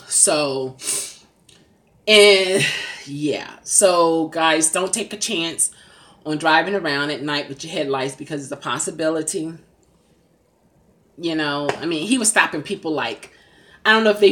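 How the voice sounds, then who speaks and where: Animated storytelling woman, lively pitch. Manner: animated, laughs while retelling. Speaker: rideshare driver vlogger. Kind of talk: casual storytelling.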